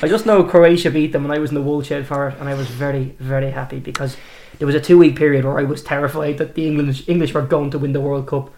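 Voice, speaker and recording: Fast gravelly Irish man, joking. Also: a little high, steady tone, dark tone. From Ireland. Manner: joking, blunt, quick-fire. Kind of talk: casual chat about football.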